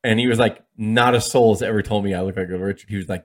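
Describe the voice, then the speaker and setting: Fast-talking man retelling a story. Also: lowish voice. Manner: fast, animated retelling with acted-out quotes and laughs. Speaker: podcast co-host. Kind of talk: casual storytelling chat.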